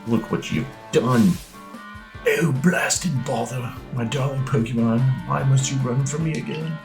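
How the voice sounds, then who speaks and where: A man reading as a fussy gentleman professor. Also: medium pitch, unhurried, creaky, music in the background, voice pushed up. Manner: read aloud from on-screen text in a mock-formal tone. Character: polite fussy male Pokémon professor, scholarly.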